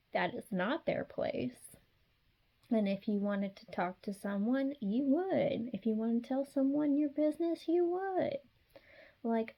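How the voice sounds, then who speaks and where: A woman's voice: mid-range voice, highs cut off. Sassy, chatty woman reading tarot. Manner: sassy, chatty, talks straight to the viewer. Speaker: tarot reader. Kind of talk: casual tarot reading to camera.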